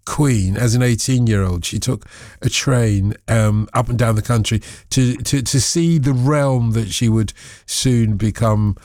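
A man's voice: medium pitch, unhurried, a little mellow, dry recording, clean studio sound. A man presenting a radio phone-in, chatty and prompting his caller. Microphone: studio microphone.

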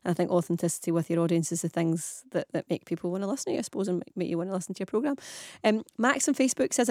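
A woman's voice: on the low side, gravelly, mellow, dry recording, clean studio sound. Scottish woman hosting a radio phone-in. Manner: chatty, reads listener messages aloud. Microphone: studio microphone.

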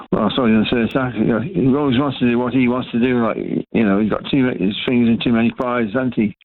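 A man's voice: mid-range voice, steady tone, fast talker. A man calling a radio phone-in, giving short agreeable answers with tag questions. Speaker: caller. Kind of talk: casual phone-in chat. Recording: phone line into radio show.

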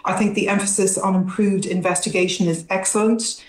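A woman's voice: medium pitch, steady tone, fairly quick, roomy sound, low-quality recording. A woman academic expert giving careful, analytical answers in a news interview, with some hesitations.

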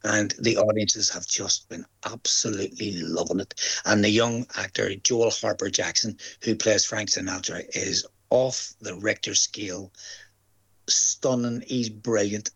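A man's voice: fairly low pitch, a little slow, slightly rough. An older man with a Northern Irish accent, a stage actor chatting in an interview, telling stories and acting out the voices of the people he quotes. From Northern Ireland. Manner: chatty storyteller, quotes others in lively voices. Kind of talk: casual interview chat.

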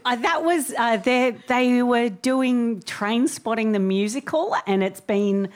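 An Australian woman on a comedy panel, telling anecdotes in a lively way and laughing through them. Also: a little high, slow. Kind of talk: comic storytelling.

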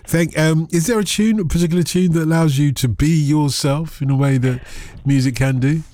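A man's voice: fairly high pitch, brisk, mellow, no room sound, studio quality. A man with a Birmingham accent hosting a radio phone-in, joking with his guest and chatting with callers. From England. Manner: playful, jokey, takes calls. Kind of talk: casual radio chat.

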